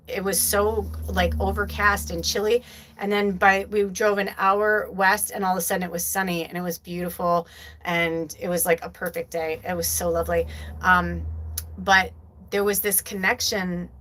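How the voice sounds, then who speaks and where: A woman's voice: fairly low pitch, fairly bright tone, poor audio. A woman hosting a spiritual medium livestream, talking in a casual, rambling way, full of fillers and heartfelt asides. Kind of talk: casual live-stream chat.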